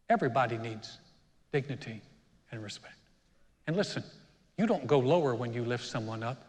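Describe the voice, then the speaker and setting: A man's voice: medium pitch, long reverb tail. A middle-aged man, the senior pastor, preaching a sermon in a conversational, storytelling way with self-deprecating humor. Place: church auditorium.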